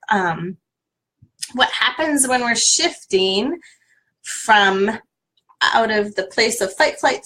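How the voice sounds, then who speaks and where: A woman's voice: on the high side, bright, forceful tone. A woman leading a live tapping session as a coach, giving encouraging, step-by-step instructions to viewers. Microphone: livestream webcam.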